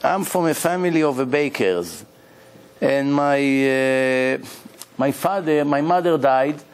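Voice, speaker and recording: A man's voice: mid-range voice, lively intonation, slow, smooth. A man telling of a frightened crying young boy. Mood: distressed. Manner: pleading, repeats himself in a rush.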